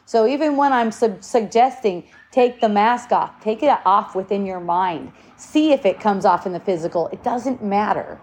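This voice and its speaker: A woman's voice: mid-range voice, normal speed, few pauses, a little mellow. A woman giving earnest spiritual advice in casual talk, swearing now and then.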